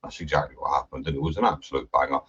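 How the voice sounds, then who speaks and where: A man guest, excitable and rambling, repeating his words. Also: rumbling low, very fast, husky. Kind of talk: casual chat. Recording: muffled lo-fi mic.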